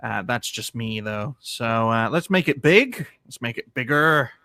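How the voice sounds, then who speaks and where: A man hosting satirical commentary as a cartoon gentleman, sarcastic and speaking straight to his viewers. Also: medium pitch, animated, measured pace. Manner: sarcastic, says "folks" often. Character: dignified male cartoon gentleman. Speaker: host.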